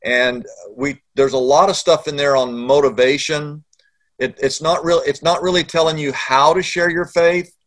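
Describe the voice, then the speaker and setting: A man's voice: fairly high pitch, fairly even intonation, moderate pace, fairly bright tone. A middle-aged man, a pastor telling a story in an interview and acting out the dialogue.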